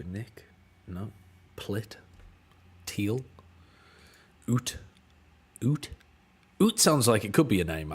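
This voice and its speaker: A British man streams himself working through word puzzles, thinking aloud in an unhurried, drawn-out way. His pitch rises and falls a lot. He gets exasperated and swears when the answers annoy him. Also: husky. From United Kingdom. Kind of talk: casual chat while solving word puzzles.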